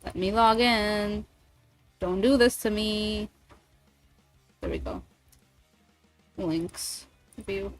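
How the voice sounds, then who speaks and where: A woman's voice: medium pitch, very slow, pauses often, soft background music. A woman streamer chatting casually and rambling, swearing freely between thoughts. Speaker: streamer and voice actor. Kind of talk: casual livestream chat.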